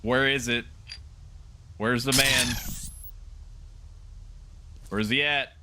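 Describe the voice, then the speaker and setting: A young man livestreaming a video game as a VTuber, chatting with viewers and breaking into loud, animated outbursts at the game. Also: mid-range voice, drawn-out words, background noise. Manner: animated, yells and laughs at the game. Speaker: VTuber streamer. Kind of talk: gaming livestream commentary.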